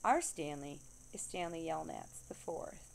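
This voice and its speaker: A woman reading a children's novel aloud, steady storytelling that slows down to stress repeated refrains. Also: low-pitched, vocal fry, a little hiss or hum. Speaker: reader.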